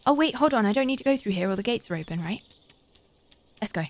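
A British woman streamer chatting casually as she plays, reading out chat and getting excitable. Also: mid-range voice, quick pace. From Britain. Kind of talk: casual gaming commentary.

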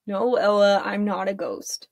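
A woman's voice: medium pitch, fairly even intonation, unhurried, darkish tone, no room sound. A woman voicing a cocky young warlock boy who teases and wisecracks in a storybook read-aloud. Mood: teasing. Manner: teasing, wisecracking.

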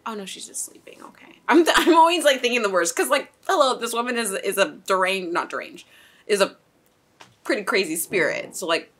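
A woman's voice: medium pitch, expressive, brisk, a bit bright. A young woman hosting a casual anime reaction, chatty and exclamatory, swearing and laughing as she talks.

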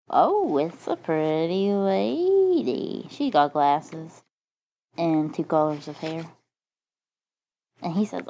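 A woman improvising a silly story from pictures, playful, crude and deadpan. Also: on the low side, a little slow.

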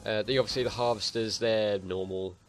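A young man giving casual commentary on a strategy game, swearing freely and muttering to himself. His voice sits fairly low, and faint game music plays behind him. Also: steady tone, fairly quick. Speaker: gaming channel host. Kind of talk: let's-play commentary.

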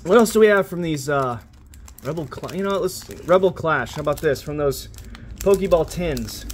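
A man's voice: fairly high pitch, slight background noise. A young man hosting a card-opening video, giving swearing, wisecracking commentary as he flips through pack after pack with growing frustration. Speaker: pack-opening channel host.

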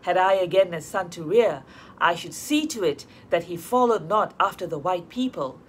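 A woman's voice: lowish voice, lively intonation, moderate pace, slight background noise, lightly acted. A woman reading an audiobook, voicing an old neighbor woman who praises strict old ways. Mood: approving.

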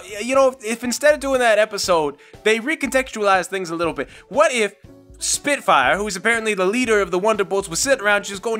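A woman's voice: mid-range voice, a bit bright. A woman giving casual spoken commentary, rambling and sardonic as she spins a story. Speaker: video commentator.

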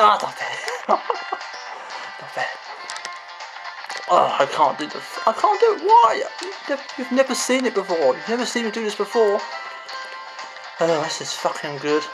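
Here a male gamer with a fairly high-pitched voice swears and shouts through irritated play-by-play commentary. Game music sits under his voice in a low-quality recording.

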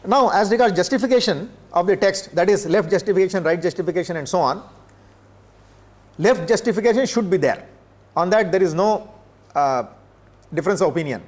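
An older man from India, giving a classroom lecture in a measured way, pausing often with filler sounds. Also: sits high, lively intonation, darkish tone. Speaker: professor. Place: lecture room.

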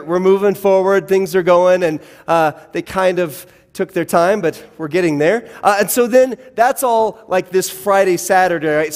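High-voiced pastor in a reverberant church hall. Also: male voice. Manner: wry, self-deprecating conversational humor. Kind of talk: sermon with personal storytelling. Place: church sanctuary.

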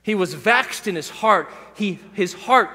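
A middle-aged man preaching from the pulpit with a high, bright, forceful voice. He shifts from relaxed, chatty asides to emphatic, impassioned calls to his congregation. The sound rings through a reverberant church sanctuary. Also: unhurried. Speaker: pastor. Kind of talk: sermon. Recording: echoey church hall.

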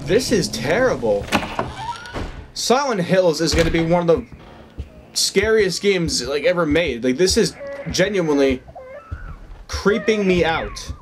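A man's voice: a little high, wildly swooping pitch, measured pace, pauses often, over music. A young man hosting a let's play, nervous and stammering, swearing and pleading aloud as he plays at home with headphones on. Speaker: gaming video host. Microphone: headphones with desk mic.

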